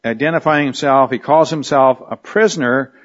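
Male Bible study teacher, medium pitch, casual explanatory lecture, muffled lo-fi audio. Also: normal speed. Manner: conversational, explanatory, many fillers and restarts; uses a drawing tool on screen while teaching.

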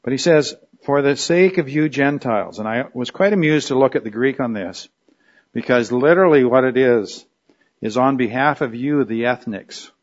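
A man's voice: mid-range voice, moderate pace. Man teaching a Bible study, lo-fi. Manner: conversational, explanatory, many fillers and restarts; uses a drawing tool on screen while teaching. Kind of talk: recorded Bible study lecture.

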